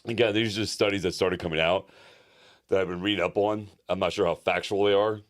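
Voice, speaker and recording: A man's voice: low-pitched, fairly even intonation, quick pace. A middle-aged man, a personal trainer co-hosting a podcast, telling rambling stories in casual chat with lots of restarts and fillers.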